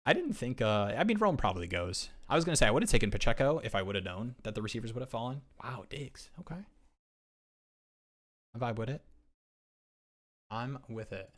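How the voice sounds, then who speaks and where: A young man chatting casually on a live stream as he drafts fantasy football, excitable and rambling, often restarting his sentences. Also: mid-range voice, fairly quick. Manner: excitable, rambling, self-interrupting.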